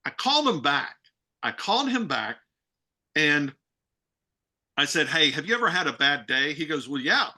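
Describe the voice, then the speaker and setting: Male guest on a video call: vivid storyteller, bright forceful tone, voices the other people in his anecdotes. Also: on the high side, moderate pace, long pauses. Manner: animated storyteller, acts out dialogue, many restarts. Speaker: guest speaker, real estate broker.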